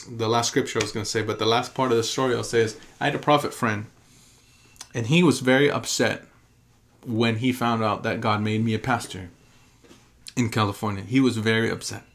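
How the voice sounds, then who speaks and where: A man's voice: medium pitch, steady tone, a little fast, fairly bright tone. A man, a pastor, teaching in an earnest and emphatic sermon style, telling a story and repeating key phrases for emphasis.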